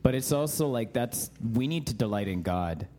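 A man in casual conversation about faith, telling animated stories and laughing often. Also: mid-range voice, normal speed, soft background music.

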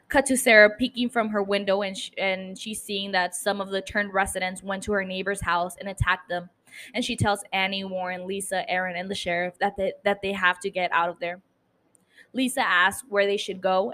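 A woman's voice: medium pitch, a bit bright. A woman hosting a podcast, recapping a TV episode in casual, chatty talk with casual swearing and self-mocking laughs. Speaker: podcast host.

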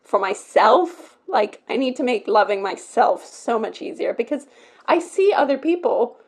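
A woman's voice: fairly high pitch, animated, unhurried, darkish tone, breathy edge. A woman co-hosting a podcast in casual chat, open and chatty with lots of filler words. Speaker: podcast co-host.

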